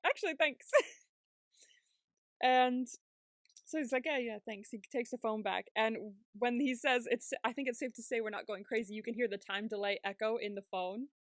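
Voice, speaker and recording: A podcast co-host with a slightly high, steady voice chats casually at a moderate pace while recapping a TV episode. She acts out the characters' lines and laughs often. The recording is dry and studio-clean.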